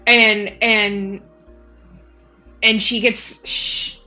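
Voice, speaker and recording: A woman's voice: mid-range voice, level tone, very slow, pushed and bright, faint music behind. A woman narrating a tabletop game as game master, casual and rambling. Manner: casual, rambling, lots of likes.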